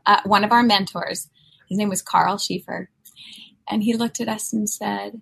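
A middle-aged woman on a faith talk show, telling a personal story in a relaxed, conversational way. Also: medium pitch, normal speed, gravelly, slightly rough. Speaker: co-host.

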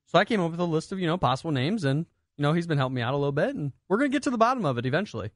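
Fast-talking playful male co-host. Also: a little high, sing-song, dry recording, studio quality. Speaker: radio co-host. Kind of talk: casual studio banter. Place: radio studio.

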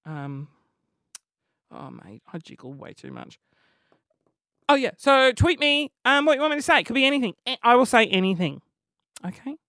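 A man's voice: extremely high pitch, normal speed, long pauses, no echo, clean studio sound. A young Australian man hosting a solo comedy podcast, rambling and making fun of himself. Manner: rambling, self-mocking, animated. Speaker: podcast host.

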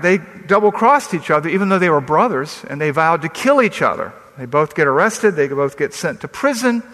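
A man's voice: on the high side, fairly bright tone. Preaching man in an echoing hall. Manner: emphatic, storytelling with quoted dialogue. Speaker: pastor. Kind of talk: sermon. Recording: long reverb of a large hall.

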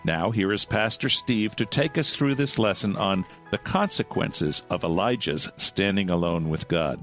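A male announcer reading a scripted introduction in a measured, formal way. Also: low-pitched, a bit bright, soft background music. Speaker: program announcer.

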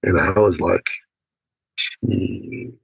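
A man telling a personal story as a guest on an interview podcast, acting out his own thoughts with animated pitch. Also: normal speed, dry recording, rough recording. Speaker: podcast guest, business speaker.

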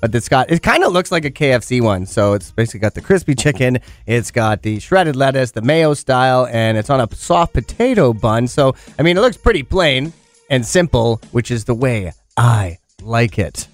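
A man's voice: mid-range voice, animated, normal speed, no echo, faint music behind. A man co-hosting a morning radio show, joking and laughing often in casual banter from a studio mic. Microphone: studio microphone.

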